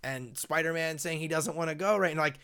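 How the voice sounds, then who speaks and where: A man's voice: a little high, brisk, a bit bright, clean tone. A young man co-hosting a podcast, chatting casually and rambling with lots of fillers. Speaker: podcast co-host. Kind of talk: casual chat.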